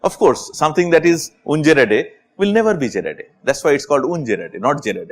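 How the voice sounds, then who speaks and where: A man with an Indian English accent lectures on chemistry. His voice sits a touch high and swings widely up and down as he works through each point, checking in with rhetorical questions along the way. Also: fairly quick. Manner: animated, asks rhetorical questions with repeated "right?". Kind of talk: university lecture.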